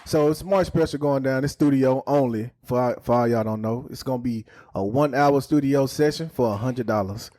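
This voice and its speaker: A man guesting on a podcast, laid-back as he pitches his photo deal. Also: normal speed, few pauses, warm tone. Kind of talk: casual chat.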